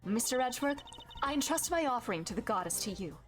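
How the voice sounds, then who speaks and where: An earnest young female judge, read aloud by a woman, solemn and sincere in a high voice. Faint game music sits under her. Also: expressive, quick pace, lightly acted.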